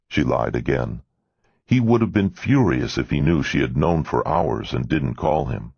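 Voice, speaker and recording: Very deep gravelly male narrator. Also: animated, moderate pace, no echo. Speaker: audiobook narrator. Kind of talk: scripted narration. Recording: dull lo-fi dry recording.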